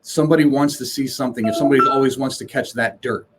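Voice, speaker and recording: A man's voice: mid-range voice, quick pace, background noise. Blunt, rambling man guest. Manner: blunt, rambling with restarts, swears. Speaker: guest, live sound engineer. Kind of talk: casual interview chat.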